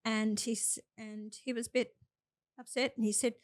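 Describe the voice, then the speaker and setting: A woman's voice: a little high, flat delivery, normal speed, no room sound. An older Australian woman, a senator and podcast guest, giving earnest, plain-spoken advice and telling stories from experience. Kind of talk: interview conversation.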